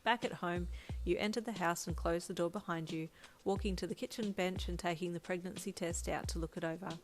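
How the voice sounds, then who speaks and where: Woman narrator, second-person fan story, lowish voice, faint lo-fi beat behind. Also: fairly even intonation, a little fast, soft background music. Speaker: fanfiction narrator. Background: lo-fi drum loop.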